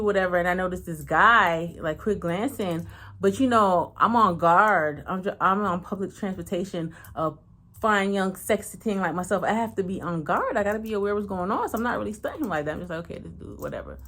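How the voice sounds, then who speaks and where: A lively woman, telling a story in a casual storytime vlog. She is frank and slangy and curses freely. Her pitch leaps high and drops low as she plays out each person's lines. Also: fairly quick. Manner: animated, acts out every voice with big pitch swings. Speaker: channel host.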